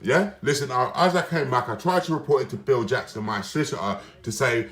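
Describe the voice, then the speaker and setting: A man's voice: medium pitch, sing-song, brisk, hardly any pauses, a bit bright. Agitated rambling man, roomy echo. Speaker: vlogger. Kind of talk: rambling casual monologue. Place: indoors, his room.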